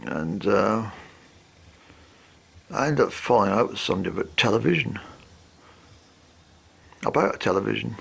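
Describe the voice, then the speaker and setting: A man telling a long rambling story about his own life. His voice is gravelly and husky, and it swings up and down a great deal as he goes. He swears now and then. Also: lowish voice, lively intonation, moderate pace, long pauses.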